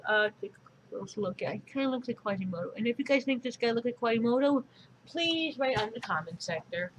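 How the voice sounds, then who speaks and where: A woman's voice: a little high, expressive, brisk, slight background noise, low-quality recording. Woman reading a storybook aloud. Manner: chatty, unpolished reading. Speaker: storybook reader. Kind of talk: casual read-aloud with asides to viewers.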